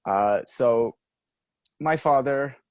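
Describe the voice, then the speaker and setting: A man's voice: medium pitch, very slow, a little mellow, no echo. A young adult man co-hosting a podcast, telling rambling stories in casual chat and laughing often. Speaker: podcast co-host.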